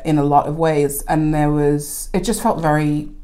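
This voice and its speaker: A woman in her thirties with a low-pitched voice, talking as a guest in a relaxed interview. She rambles with lots of "um" and "like", then gets animated and laughs through her anecdotes. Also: normal speed. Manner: rambling, many fillers, bursts of animated laughter when telling stories. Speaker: podcast guest, coffee educator. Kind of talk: casual interview chat.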